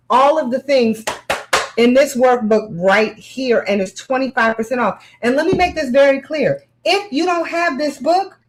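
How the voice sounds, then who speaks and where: A woman co-hosting a casual chat, teasing her co-host bluntly and pitching a product like a salesperson.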